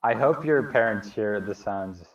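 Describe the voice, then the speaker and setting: A man's voice: fairly low pitch, expressive, measured pace, recorded from a distance, dull audio. A man co-hosting a casual chat stream, dry and teasing with his partner. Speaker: co-host.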